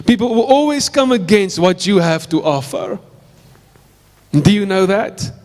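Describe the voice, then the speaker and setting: Man preaching, South African accent, high voice, ringing church hall, earnest storytelling. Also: expressive, a little slow, a little mellow. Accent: South African English. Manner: earnest storytelling preaching, repeats phrases for emphasis. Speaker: pastor. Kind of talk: sermon.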